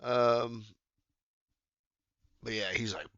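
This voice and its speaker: A man streaming while gaming, chatting casually in a meandering way that keeps interrupting itself and sometimes breaks into sudden loud exclamations. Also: deep voice, slow pace, no room sound, highs cut off.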